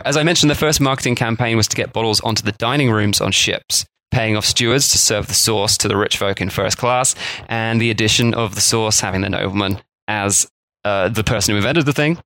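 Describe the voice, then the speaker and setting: A man's voice: medium pitch, fairly bright tone, dry recording. A man hosting a podcast, telling a history story in casual chat with jokey asides. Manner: chatty storyteller, jokey asides, mock voices for quotes. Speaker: podcast host.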